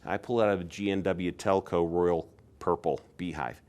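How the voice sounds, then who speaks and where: Guy in his 60s from pennsylvania, kinda low voice, chatty storyteller who does little voices for other people. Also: moderate pace. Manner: animated, acts out what others said, chuckles. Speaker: insulator collector. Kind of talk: casual storytelling.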